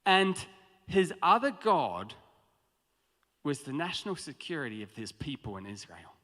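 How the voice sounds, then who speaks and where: A man preaching a sermon in a lively, conversational way, with stammered restarts. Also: a little high, unhurried. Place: church hall. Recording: long hall reverb.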